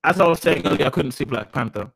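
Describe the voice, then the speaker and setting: A man in his twenties rambles through a casual live stream, swearing and poking fun at himself while complaining that his cheap mic sounds bad. His voice is slightly high, creaky and a bit bright, with lively intonation and a fast pace, recorded clean and dry in a studio setting.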